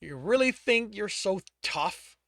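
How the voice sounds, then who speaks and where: A loud, sneering thug who enjoys cruelty, as a man reads him out. The voice is pitched high and raspy with gravel, with dry, close sound. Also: big pitch swings, brisk, no room sound, full character voice. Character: lanky, cruel male thug with a stick.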